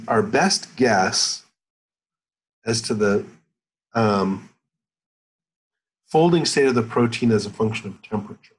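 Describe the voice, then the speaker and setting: A man giving a university chemistry lecture over a video call, thinking aloud with many pauses and fillers. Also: on the low side, slightly rough, poor audio. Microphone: computer mic on a video call.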